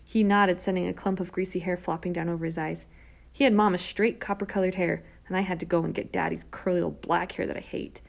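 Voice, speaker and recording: A woman reading a first-person children's novel aloud, lively and character-driven, with whispered asides. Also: on the low side, fairly quick, creaky. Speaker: audiobook narrator. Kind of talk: first-person storybook narration.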